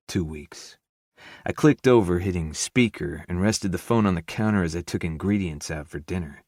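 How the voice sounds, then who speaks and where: Male first-person narrator, low, measured, dry close read. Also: darkish tone, dry recording.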